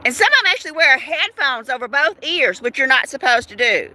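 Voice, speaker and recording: Chatty, lively older woman streaming live. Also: high voice, brisk. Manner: chatty, gossipy, laughs often, asks chat questions. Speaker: livestream host. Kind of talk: casual live chat.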